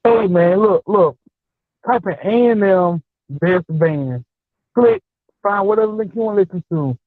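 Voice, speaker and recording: A man calling in to a live stream over a thin, tinny phone line, giving quick directions to the host. His voice sits fairly high. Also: no room sound. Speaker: caller.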